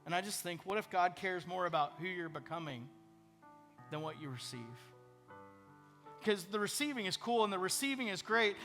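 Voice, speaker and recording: A pastor preaching an earnest, conversational sermon with prayerful asides. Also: male voice, high-pitched, normal speed, long pauses, a bit bright, soft background music.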